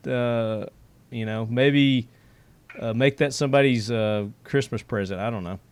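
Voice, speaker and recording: Rambling middle-aged podcast host. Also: male voice, mid-range voice, smooth, no echo. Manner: rambling storyteller with many fillers. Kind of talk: casual podcast chat.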